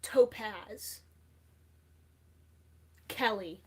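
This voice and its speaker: A woman's voice: mid-range voice, very slow, warm tone, breathy edge. A young woman from the United States hosting a casual livestream, reading viewer comments aloud and answering them chattily. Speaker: livestream host.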